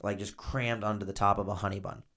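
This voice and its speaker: A man's voice: fairly low pitch, little pitch movement, fast talker, creaky, fairly bright tone. A man co-hosting a podcast, telling loose, filler-heavy stories in casual chat. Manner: rambling, filler-heavy storytelling. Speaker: podcast co-host, former inmate.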